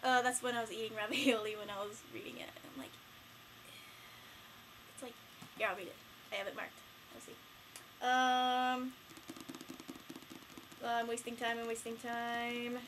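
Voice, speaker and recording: A teenage girl chatting casually in a home vlog, rambling and excitable with lots of fillers. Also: a little high, measured pace, long pauses, background noise. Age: late teens. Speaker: vlogger.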